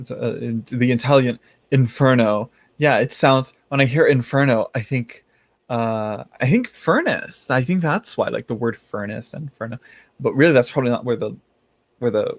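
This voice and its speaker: A man with a medium-pitched voice hosts a casual tarot livestream, reading his live chat aloud. He rambles, laughs often, and keeps restarting sentences; there's no echo on the audio.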